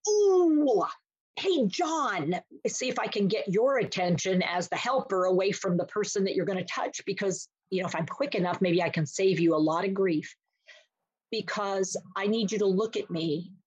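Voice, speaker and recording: Animated woman acting out little scenes. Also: mid-range voice, normal speed, slightly rough, no echo, muffled recording. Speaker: dementia care educator. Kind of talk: podcast interview.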